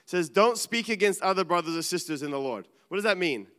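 A middle-aged man preaching a sermon, earnest and animated, dropping to quiet asides. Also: high-pitched, quick pace. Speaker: pastor. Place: large church hall. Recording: reverberant church hall.

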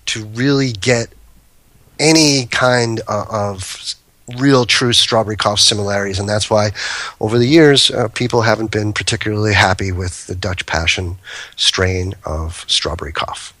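A man's voice: fairly low pitch, moderate pace, bright, forceful tone, no echo. A man guest on a podcast telling rambling anecdotes full of restarts and asides. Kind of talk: casual storytelling.

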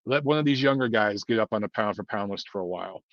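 A boxing commentator gives his viewers blunt, rambling opinions at a quick pace, full of fillers and restarts. His voice is fairly low, and the recording is dull, lo-fi and completely dry.

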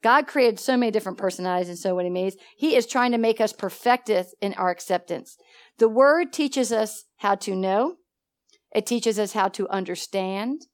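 A woman teaching a church Bible study with animated energy, laughing often and acting out conversations. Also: mid-range voice, normal speed. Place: church meeting room.

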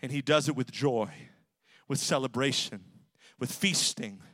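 A male pastor preaching a sermon in a church, swinging rhythmically from loud to hushed. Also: mid-range voice, unhurried, no echo, clean studio sound. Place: church sanctuary.

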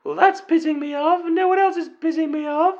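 A man voicing an angry woman football fan who complains in a shrill voice. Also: steady tone, brisk, dull audio. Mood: annoyed.

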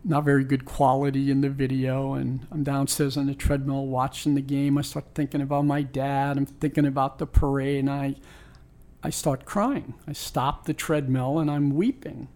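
A man's voice: mid-range voice, flat delivery, normal speed, warm tone. A man in his sixties from New York, a sports team owner, tells a personal story in an interview. He is reflective and earnest and often restarts his sentences. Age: 60s.

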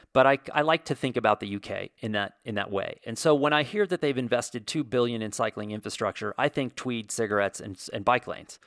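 A man's voice: medium pitch, a bit bright, no echo, clean studio sound. A man from the United States hosting a vlog, giving an opinionated monologue in a ranting, sarcastic way with lots of fillers. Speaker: video host.

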